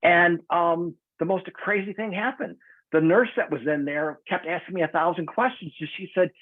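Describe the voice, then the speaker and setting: A man in his sixties chatting casually on a video call, telling stories in an animated way. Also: on the high side, fairly quick, slightly rough, no room sound. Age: 60s. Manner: animated storyteller, acts out quoted voices. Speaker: guest community member. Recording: tinny phone-like video call audio.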